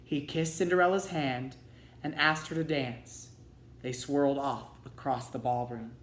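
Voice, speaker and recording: A man reading a children's storybook aloud in a steady, expressive way. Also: medium pitch, unhurried, a little hiss or hum. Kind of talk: read-aloud storybook narration. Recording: roomy echo.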